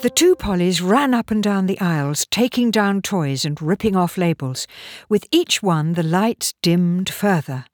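A woman narrating a storybook reading with expressive, animated delivery. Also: on the low side, a little slow, no room sound, faint music behind.

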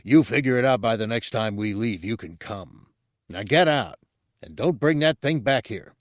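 A man's voice: mid-range voice, lively intonation, moderate pace, no room sound, clean studio sound, natural voice. A man voicing a bossy male guard captain who barks orders in a storybook reading. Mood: mocking. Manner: barking orders.

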